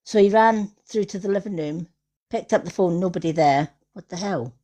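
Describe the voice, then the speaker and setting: A woman tells stories on a casual live stream. Her voice sits on the lower side, and she keeps a chatty, easygoing flow. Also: moderate pace, warm tone. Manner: chatty anecdotes with frequent laughter. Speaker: tarot reader hosting a live stream. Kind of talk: casual chat, storytelling. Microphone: phone or computer on a live stream.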